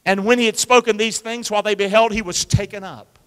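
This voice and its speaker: A male pastor preaching an animated call-and-response sermon, coaxing the congregation to repeat after him and using football pep-talk imagery. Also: high-pitched, fairly quick. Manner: energetic, coaxes the congregation to repeat lines. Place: church sanctuary with a congregation. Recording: long reverb of a large church hall.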